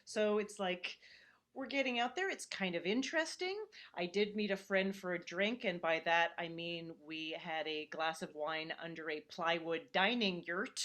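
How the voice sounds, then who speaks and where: A woman's voice: lowish voice, normal speed, fairly bright tone. Wry, chatty woman comedian host. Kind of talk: stand-up comedy over a video call.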